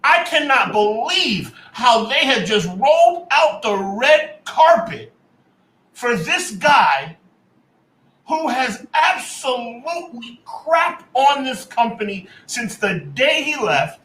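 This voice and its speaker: A man co-hosting a wrestling podcast, ranting in exaggerated mock outrage, repeating himself and shouting lines. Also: extremely high pitch, very animated, takes it slowly, roomy sound, poor audio. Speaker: podcast co-host. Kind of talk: heated wrestling podcast rant.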